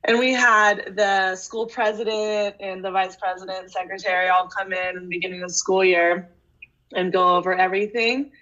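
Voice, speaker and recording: A woman teacher rambles through a story in casual chat over a video call, with plenty of fillers. Her voice is mid-pitched, and the sound is dull and lo-fi. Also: flat delivery, moderate pace, a bit bright. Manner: rambling, loose, with many fillers.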